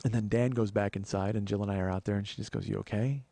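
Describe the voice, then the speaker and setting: A man's voice: fairly low pitch, little pitch movement, quick pace, warm tone, no room sound. A man hosting a podcast, telling a personal story in a profane, emphatic way with frequent restarts. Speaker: podcast host.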